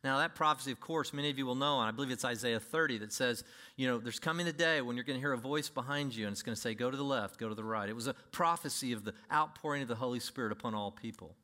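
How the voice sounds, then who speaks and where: A man preaching a sermon to his congregation, emphatic, with sudden swings between loud and quiet delivery. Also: medium pitch, quick pace. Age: older. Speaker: pastor.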